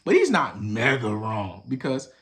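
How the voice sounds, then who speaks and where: A young man talks through his reaction in loose, profane commentary, his pitch leaping and dropping all over. He goes from loud, punchy outbursts to low, muttered asides. It sounds like casual podcast talk. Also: unhurried. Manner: animated, profane, switches between loud acted-out bits and low mutters. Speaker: podcast host reacting to a viral video.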